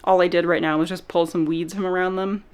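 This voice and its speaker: A woman's voice: lowish voice, level tone, fast, darkish tone, clean tone. Chatty young woman vlogging. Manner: chatty, rambling, laughs easily. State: out of breath after exercise. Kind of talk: chatty vlog talk.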